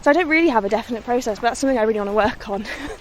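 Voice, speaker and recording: A woman's voice: fairly high pitch, racing, a little hiss or hum. A young woman from the West Midlands, a singer-songwriter, chatting modestly and laughing easily as she is interviewed on a countryside walk. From West Midlands, England. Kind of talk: casual outdoor interview on a walk. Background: faint outdoor ambience and distant vehicles.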